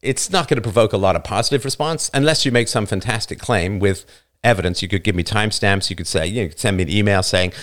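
A man's voice: on the low side, fast, hardly any pauses, a bit bright. A man in his fifties hosting a live show, lecturing a listener in an emphatic, argumentative way with the odd chuckle. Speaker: livestream show host. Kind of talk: live show talk answering listener comments.

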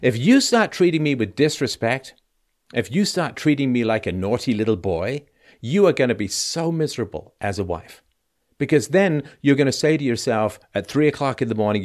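An animated male host giving advice on a call-in show. His pitch swings widely as he acts out both sides of an argument, playing the husband and then the wife, and his tone stays lively from one line to the next. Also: normal speed.

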